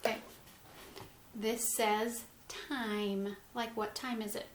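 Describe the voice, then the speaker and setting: A woman teaching a phonics lesson to young children, sounding out words letter by letter and gently encouraging them. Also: fairly high pitch, flat delivery, slow, a little hiss or hum. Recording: echoey room with faint ambience.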